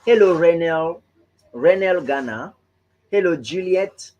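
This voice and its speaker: A man's voice: fairly high pitch, expressive, takes it slowly, darkish tone, lo-fi sound. A man hosting a live online business training, welcoming viewers one by one in an upbeat, chatty way and often tagging on "right?".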